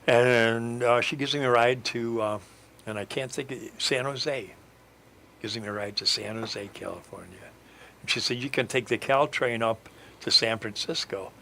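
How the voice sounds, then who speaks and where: A man's voice: mid-range voice, normal speed, gravelly, sharp tone, slight background noise. A middle-aged man telling a long road-trip story as a radio guest, meandering with frequent fillers and restarts. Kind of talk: rambling storytelling.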